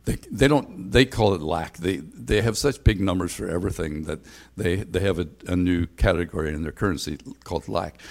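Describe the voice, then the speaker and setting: A man's voice: sits low, moderate pace, vocal fry, a little mellow. An older man preaching a sermon in an earnest, conversational way, often restarting his phrases. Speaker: pastor.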